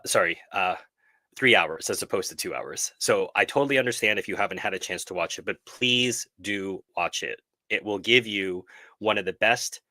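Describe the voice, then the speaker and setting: Guy hosting a live stream, kinda low voice, bright forceful tone, dry close sound, earnest and keeps restarting sentences. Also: no room sound. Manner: earnest, reflective, frequent self-corrections. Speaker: host of a film club live stream. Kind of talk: casual live stream discussion.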